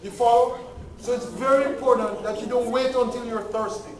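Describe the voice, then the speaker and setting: In an echoey hall, recorded from a distance, a man with a very high voice delivers a faith-based health lecture at a fairly quick pace and fairly even intonation. He is emphatic, repeats his key points, and checks that the audience is following.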